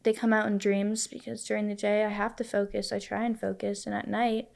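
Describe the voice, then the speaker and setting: A young woman, a podcast guest, telling a painful personal story in halting, emotional speech. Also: mid-range voice, flat delivery, creaky, a little mellow. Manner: halting, emotional, quotes others in her story. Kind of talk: personal testimony in a podcast interview.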